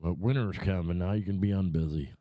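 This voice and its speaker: A middle-aged man talks to his livestream viewers in a low, warm voice, heavy with swearing and restarts. He rambles and gets worked up when he complains. The sound is dry and close, with almost no room echo. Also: quick pace. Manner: profane, rambling, worked-up ranting. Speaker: livestream host. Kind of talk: casual rant and chat to viewers. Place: home room.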